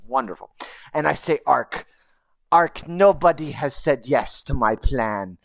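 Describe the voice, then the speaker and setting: A woman telling a story in broken goblin-style speech, with an animated voice and casual swearing. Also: extremely low pitch, moderate pace, no echo. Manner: animated, swooping voice. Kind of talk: in-character storytelling.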